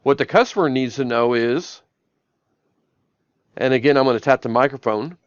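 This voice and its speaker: A man's voice: mid-range voice, moderate pace, long pauses, clear, resonant tone, no room sound, highs cut off. A man training viewers on a shop tablet app in a live stream, talking through each action step by step from his office. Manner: step-by-step, repeats "I'm gonna" before each action. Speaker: software trainer. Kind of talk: live-stream product demo.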